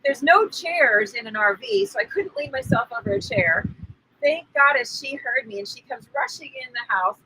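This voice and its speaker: Animated high-voiced woman telling a story. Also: normal speed, gravelly, slight background noise, rough recording. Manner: animated, acts out quoted voices, laughs often. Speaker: spiritual teacher co-host. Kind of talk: casual storytelling.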